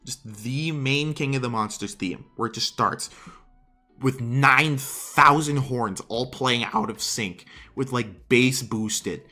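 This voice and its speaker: A man in his twenties streaming, giving casual commentary in an animated, exasperated rant with some swearing. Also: mid-range voice, slow, soft background music. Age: 20s.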